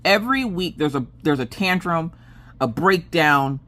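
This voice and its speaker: A Southern American woman in her thirties chatting casually, acting out family members' lines in an exasperated storytelling manner. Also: measured pace. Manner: animated, acts out family members' lines with big pitch jumps and exasperated whispers. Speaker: craft vlogger.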